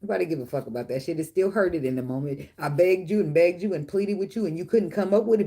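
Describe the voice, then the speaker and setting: A woman's voice: fairly low pitch, fast talker, hardly any pauses, mellow, slightly rough. A middle-aged woman hosting a casual chat with viewers. She tells blunt, profane stories and laughs often. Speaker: tarot reader and channel host.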